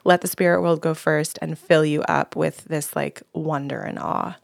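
Gravelly low woman medium giving advice. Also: fairly even intonation, moderate pace, dry recording, clean studio sound. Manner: explains with asides and rhetorical tags. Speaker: psychic medium. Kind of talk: casual advice chat.

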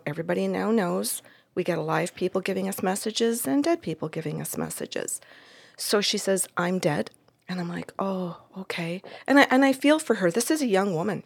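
A woman telling a story from a client session in a casual, animated way, acting out the voices in it and laughing often. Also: fairly low pitch, gravelly.

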